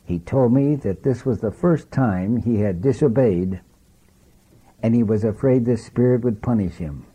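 Man, preacher, sermon, very dark mellow voice, unhurried, earnest storytelling. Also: medium pitch, husky, low-quality recording.

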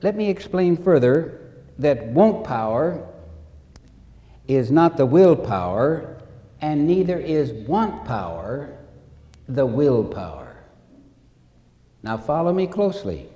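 A man preaching a sermon with slow, deliberate delivery, repeating key phrases and acting out stories. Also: fairly high pitch, big pitch swings, warm tone, big-room sound, muffled recording.

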